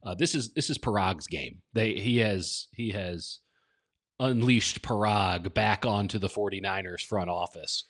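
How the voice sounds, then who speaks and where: A man's voice: on the low side, a little slow, a bit bright. A man co-hosting a casual sports podcast, wry and self-deprecating, with jokey asides. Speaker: podcast co-host.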